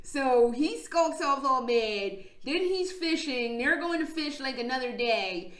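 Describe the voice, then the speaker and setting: A woman's voice: high voice, lively intonation, measured pace, fairly bright tone. A woman vlogging, retelling stories in a casual, profane, slang-heavy way with frequent laughs. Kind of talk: casual storytelling vlog. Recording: echoey room.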